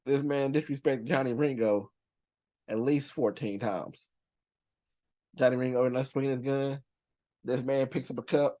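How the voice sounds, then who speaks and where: A man's voice: mid-range voice, steady tone, unhurried, long pauses, mellow. A man hosting a movie reaction channel, counting down characters in casual, profane slang and laughing often.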